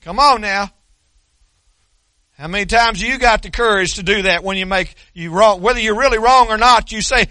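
High, bright-voiced preacher man. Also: moderate pace, dry recording. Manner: folksy storytelling with dry self-deprecating humor; repeats and restarts words. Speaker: pastor. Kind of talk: sermon.

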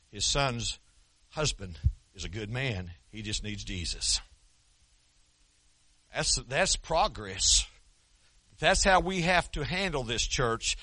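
A man preaching a sermon in a folksy, conversational way with an Oklahoma accent, talking quickly with frequent restarts. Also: mid-range voice, pushed and bright, no room sound. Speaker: pastor.

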